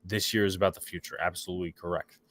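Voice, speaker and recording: A man's voice: deep voice, fairly even intonation, quick pace, a bit bright. A man hosting a casual sports podcast, opinionated and rambling, with a stuffy nose, reacting to chat comments. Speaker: podcast host.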